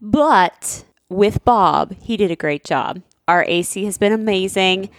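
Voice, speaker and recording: A woman's voice: mid-range voice, unhurried, no echo, clean studio sound. A woman co-hosting a casual podcast, mostly reacting with short replies. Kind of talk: casual chat.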